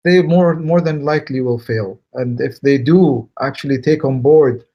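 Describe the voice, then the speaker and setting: A man on a panel giving a steady, explanatory answer. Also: medium pitch, moderate pace, dull audio. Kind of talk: panel discussion.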